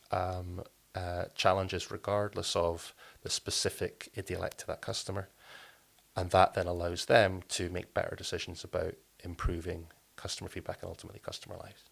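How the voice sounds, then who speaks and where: A man speaking as a podcast guest, explaining his work in relaxed interview talk, with frequent restarts and fillers. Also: low-pitched, gravelly. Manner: thoughtful, many restarts and fillers. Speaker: podcast guest, company co-founder.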